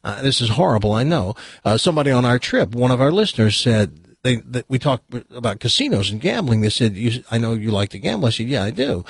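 A middle-aged American man hosts a radio show, spinning rambling anecdotes and voicing the people in them. His voice is a little husky and moves up and down a lot. The sound is dry and close. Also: medium pitch, sing-song, fast talker, few pauses, dry recording. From United States. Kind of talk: casual storytelling chat.

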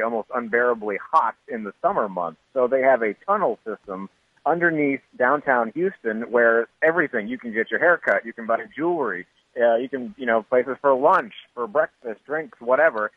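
A man phoning in a comic news segment from an airport, telling quick jokes with deadpan punchlines. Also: mid-range voice, breathy edge, no room sound. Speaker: radio correspondent. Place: airport, on a phone. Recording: tinny phone line.

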